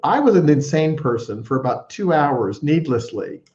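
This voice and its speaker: A man's voice: a little high, big pitch swings, normal speed, a little mellow, echoey room, lo-fi sound. A man telling a story on a video call as a guest, stammering and repeating words, self-deprecating.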